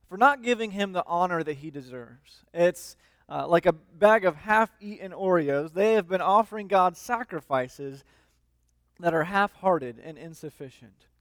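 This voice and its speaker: High-voiced man preaching a casual sermon. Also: moderate pace, dry recording. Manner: conversational with frequent fillers and restarts; reads scripture aloud. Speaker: lead minister.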